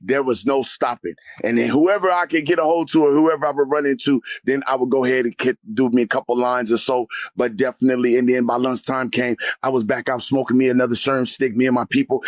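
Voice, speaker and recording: A man telling an intense personal testimony as an interview guest, speaking emphatically and rising to near-shouts at dramatic moments. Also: medium pitch, fairly even intonation, fairly quick, few pauses, no echo.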